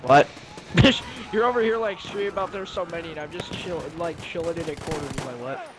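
Young male gamer, slightly high, loose rambling chat, noisy game sound. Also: a little fast. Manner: laid-back, rambling, chuckling. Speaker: gamer streaming with friends. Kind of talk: casual gaming chat.

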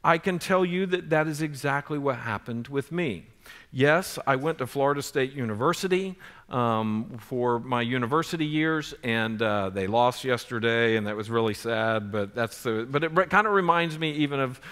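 A man's voice: mid-range voice, expressive, normal speed, fairly bright tone. A man in his forties preaching a sermon as pastor, earnest and building in force on key points. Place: church sanctuary. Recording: church sanctuary with long reverb.

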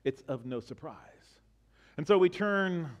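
A man preaching a sermon as a church pastor, earnest and repetitive, building to emphatic bursts and then dropping quiet. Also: a little high, lively intonation, measured pace, dull audio.

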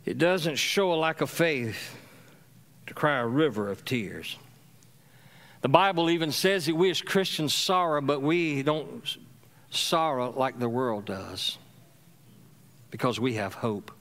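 Expressive and unhurried, with long pauses, a middle-aged pastor from Louisiana, USA, preaches in a church sanctuary. He swings between loud exhortation and quiet, low murmurs while calling for his congregation's response.

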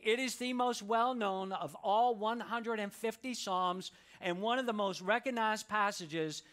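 High bright-voiced man preaching. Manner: preaching with congregation call-and-response, slows to read scripture. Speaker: pastor. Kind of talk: sermon. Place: church sanctuary.

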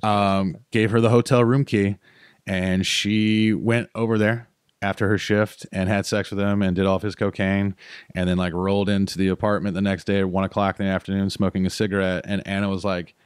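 A man's voice: deep voice, flat delivery, a little fast, smooth, no room sound, studio quality. A man in his thirties, a comedian guest on a podcast, casually telling a long story full of "uh"s and self-corrections.

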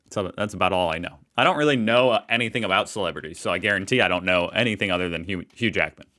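A man's voice: low voice, very fast, bright, forceful tone. An American man hosting a reaction video, chatting casually and rambling with self-mocking jokes. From United States.

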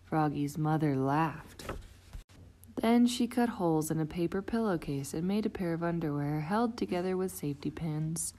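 A woman reading a children's picture book aloud, expressive and playing out the sound effects. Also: sits low, moderate pace. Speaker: storybook reader.

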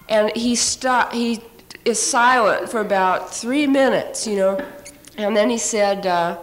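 A woman architect on a panel, her slightly high voice caught from a distance in an old recording. She tells her stories in a lively way, halting and restarting often and laughing along the way. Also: slight background noise. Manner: animated anecdote-telling with frequent laughs and restarts. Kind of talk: panel discussion storytelling.

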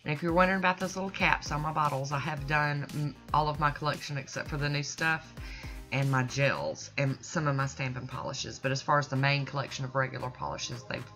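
A woman's voice: deep voice, steady tone, brisk. A woman, chatty and folksy, narrating her nail art tutorial. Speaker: nail art channel host. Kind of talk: casual tutorial voice-over. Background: soft background music.

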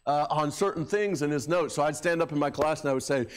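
In a church sanctuary, a middle-aged male pastor preaches a conversational sermon with filler words, raising his voice when he mocks a crowd. His voice is fairly high and fairly quick, with hardly any pauses, picked up by a handheld or stand microphone.

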